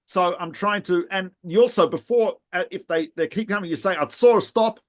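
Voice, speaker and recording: Lively middle-aged man telling army stories. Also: sits high, brisk. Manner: animated anecdotes with laughs and restarts. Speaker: podcast co-host, rabbi. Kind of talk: casual storytelling chat.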